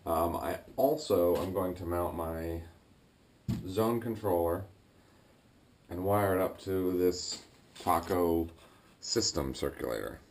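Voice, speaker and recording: A man talking casually as he works on his home boiler, thinking aloud with fillers and throat clearing. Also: low-pitched, slow pace, pauses often, darkish tone, a little hiss or hum. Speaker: DIY builder vlogging his project. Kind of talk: casual talk-through while working. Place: garage boiler room, indoors. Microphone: action camera.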